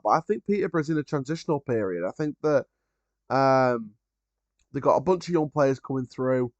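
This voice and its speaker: A man talking loosely through a live football watchalong, giving opinions as the game goes on. His voice sits in a middle pitch, and the recording is dry and slightly dull, like a modest home mic with no room sound. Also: expressive, normal speed, no echo. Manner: casual, chatty, opinionated, frequent ums and restarts. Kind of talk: live match watchalong commentary.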